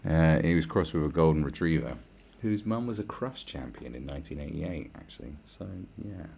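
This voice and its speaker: A man's voice: rumbling low, expressive, normal speed, creaky, darkish tone, husky. A man, hosting a podcast in a crude, blunt, rambling solo rant full of swearing and sarcasm. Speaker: podcast host.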